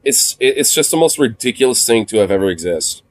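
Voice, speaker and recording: A man streaming a game who chats casually, swears freely, laughs often and coos softly in baby talk to his dog. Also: mid-range voice, lively intonation, fairly quick, dry recording. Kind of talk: casual gaming stream chat.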